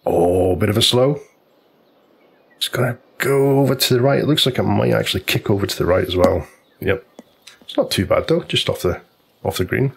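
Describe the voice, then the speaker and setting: A man's voice: lowish voice, moderate pace, gravelly, pauses often, breathy edge. A man casually telling a long, rambling story while commenting on a golf video game. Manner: chatty storyteller, loose and informal, many restarts.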